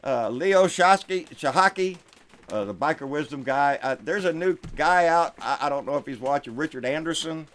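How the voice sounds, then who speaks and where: A middle-aged man with a Texan accent hosting a live stream political rant, folksy, with quiet asides and loud outbursts. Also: fairly high pitch, lively intonation, moderate pace.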